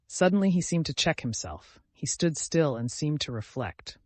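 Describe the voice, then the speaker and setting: A man reading a classic novel aloud as an audiobook narrator, in a measured storytelling manner. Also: a little high, animated, no room sound.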